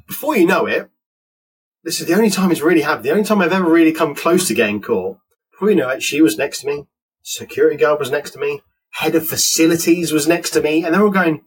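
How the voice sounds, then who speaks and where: A man, a penetration tester telling work stories in a casual interview, animated and acting out the dialogue. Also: a little high, fast, poor audio. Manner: animated, acts out dialogue in quotes, laughs.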